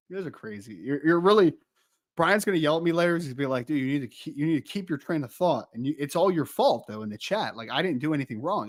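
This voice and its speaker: Rambling young man on a podcast. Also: fairly high pitch. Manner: rambling, easily sidetracked, joking. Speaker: podcast co-host. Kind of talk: live-stream casual chat.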